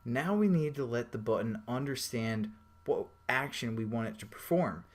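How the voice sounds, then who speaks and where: A man's voice: medium pitch, animated, moderate pace. A young man giving a casual programming tutorial, chatty and rambling, with slangy everyday analogies. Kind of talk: casual screen-recorded coding tutorial.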